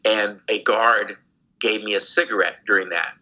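An older man, a guest in an interview, telling a story in a casual, animated way and laughing often. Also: fairly low pitch, normal speed, low-quality recording. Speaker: guest, former prisoner of war.

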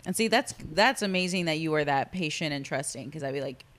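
A woman's voice: low voice, lively intonation, fairly quick, fairly bright tone. A woman hosting a casual chat, supportive and laid-back, often affirming her guest.

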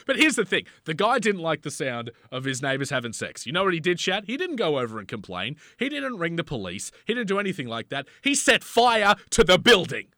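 Man, comedy podcast co-host, lively swooping pitch, bright edge, dry close mic. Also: a little fast, hardly any pauses, dry recording. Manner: animated, jokey, slips into put-on voices for bits. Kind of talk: comedic casual chat.

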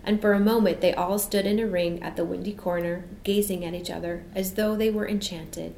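A woman reading a storybook aloud in a gentle, expressive way. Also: lowish voice, a little fast, gravelly. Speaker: narrator. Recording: echoey room, faint hum.

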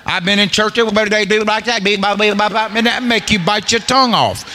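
A man's voice: high voice, fairly quick, sharp tone, in a large hall, slight background noise. A man preaching a humorous sermon as a guest preacher, telling colloquial, joking stories to a congregation.

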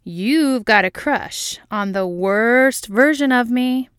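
A woman voicing a jealous grown man who pouts and needles in a storybook reading. His lines come whiny and sing-song, raised and a little louder. The sound is dry and close. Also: on the high side, slow, clean tone, no echo, voice pushed up. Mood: pouty.

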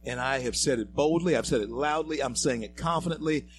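A man's voice: mid-range voice, a little fast, a little hiss or hum. A male radio talk show host giving emphatic, preachy political commentary and speaking straight to his listeners. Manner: emphatic, preachy, addresses listeners as folks and friends.

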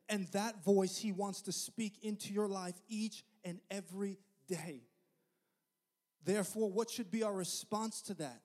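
High-voiced male preacher in a reverberant hall. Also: warm tone. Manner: impassioned preaching, repeats phrases for emphasis. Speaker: pastor. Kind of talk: sermon. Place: church sanctuary.

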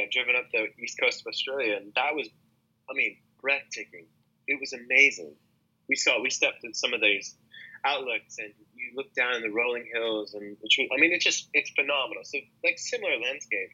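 A man's voice: on the low side, pushed and bright, husky, dull audio. A man, a musician, talking through his story in a rambling, thoughtful way with frequent restarts in a casual interview. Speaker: musician and podcast guest.

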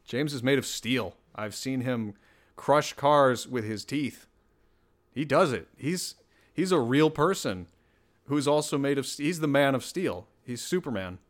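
A man's voice: medium pitch, lively intonation, measured pace. A man hosting a podcast alone, talking casually in a rambling, self-deprecating way. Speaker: podcast host. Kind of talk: casual solo podcast chat.

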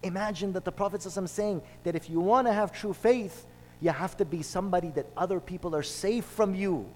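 Male preacher, slightly high voice, storytelling sermon with emphatic repetition. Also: quick pace, slight background noise. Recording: long hall reverb.

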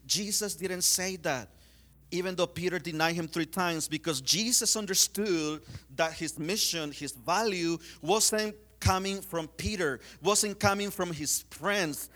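High, bright-voiced man preaching. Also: a little slow. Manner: conversational, many fillers, retells scenes. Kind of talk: sermon.

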